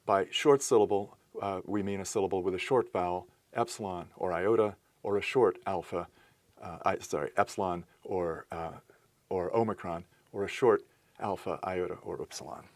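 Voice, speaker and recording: Man, teacher, recorded lesson, methodical, low-pitched, dry close sound. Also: normal speed, no room sound. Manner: methodical, explains step by step with small self-corrections. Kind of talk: recorded lecture.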